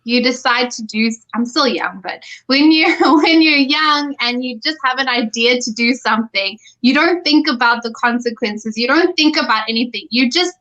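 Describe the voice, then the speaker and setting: South African woman, bright high voice, muffled lo-fi stream audio; animated casual guest. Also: normal speed, hardly any pauses. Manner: animated storyteller, laughs often, acts out quoted dialogue. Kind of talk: casual chat on a live stream.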